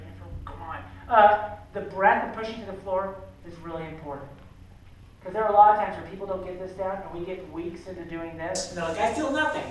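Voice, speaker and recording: A man's voice: sits high, a little hiss or hum. A man teaching a drama class, coaching students through an exercise with lots of energy and fillers. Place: school drama room with hardwood floor. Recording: very echoey room, far from the mic.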